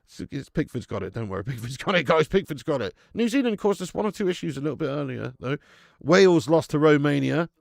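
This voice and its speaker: Streamer type: young man, gravelly, fairly high voice, sweary excitable match commentary with chat asides. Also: fast, no room sound, clean studio sound. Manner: sweary, excitable, chatty with viewers. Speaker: football watch-along streamer.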